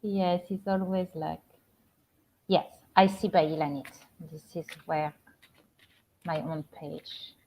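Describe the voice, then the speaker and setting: A middle-aged woman with a French accent, a spiritual coach hosting a casual live stream from home, talking gently with many halting restarts. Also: deep voice, steady tone. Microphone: computer or phone camera on a live stream. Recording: slightly dull lo-fi stream audio.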